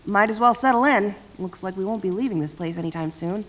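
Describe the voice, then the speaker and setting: In an audio role-play, a young woman voices a female kitsune friend who is playful and protective, teasing and cheerful but with a soft, reassuring side. She speaks briskly in a mid-range voice with light acting.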